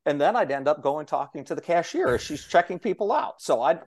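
A man's voice: a little high, brisk, no room sound, studio quality. A man who is a longtime broadcaster, telling stories as a talkative guest and acting out the dialogue. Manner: lively storyteller who acts out quoted dialogue; talkative, self-described yapper. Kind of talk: casual storytelling conversation.

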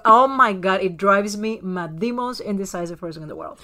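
A woman from Puerto Rico teasing her partner in a casual chat, animated and laughing often. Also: medium pitch, a little fast. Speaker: co-host.

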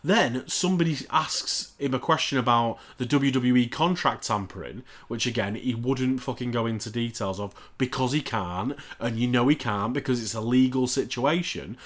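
A man talks fast and loose on a casual podcast, swearing constantly and sounding exasperated and sarcastic. His voice sits in an ordinary middle pitch. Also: fairly bright tone. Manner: heavily profane, exasperated, sarcastic ranting. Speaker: podcast co-host.

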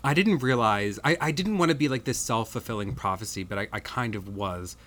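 An American man in casual podcast chat, telling animated, self-mocking travel stories. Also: on the low side, brisk. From United States.

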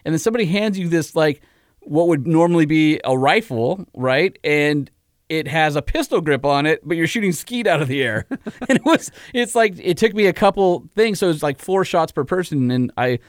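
A man with a clear, resonant, somewhat high voice chats casually on a podcast. He is enthusiastic and rambles, with plenty of fillers. The sound is dry and close to the mic. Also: expressive, moderate pace, dry recording. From California. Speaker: podcast co-host. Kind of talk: casual chat.

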